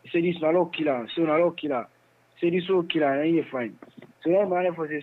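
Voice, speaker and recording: A man with a Sierra Leonean Krio accent recounting events in a phone interview, in halting, repetitive speech. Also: on the high side, breathy edge. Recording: tinny phone line.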